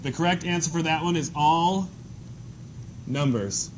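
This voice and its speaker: A male math teacher giving a lively, joking lesson to his class in a classroom. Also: a little high, unhurried. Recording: dull lo-fi classroom recording with faint noise.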